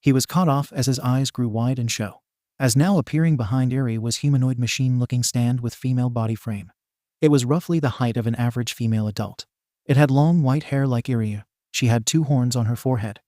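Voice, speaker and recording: A man narrating a fan fiction story in a plain, steady reading. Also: medium pitch, fairly quick, dry recording, studio quality.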